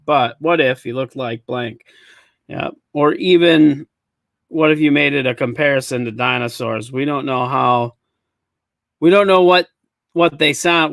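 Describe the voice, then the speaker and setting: A man's voice: medium pitch, vocal fry, fairly bright tone, no room sound. A man hosting a live comedy podcast, easygoing, reading audience comments aloud and laughing often. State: clearing his throat. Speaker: podcast host. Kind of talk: casual live-show chat.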